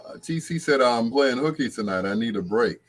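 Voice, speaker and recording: With faint music behind him, an older man hosting a late-night show talks a bit fast in an animated, mid-range voice. His casual, rambling chat is sprinkled with chuckles and brief bits of singing.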